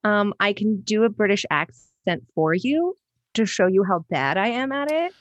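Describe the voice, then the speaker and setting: A woman appearing as a guest on an improvised comedy podcast, playing a persona in a matter-of-fact, deadpan way. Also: mid-range voice, normal speed, no room sound, muffled recording.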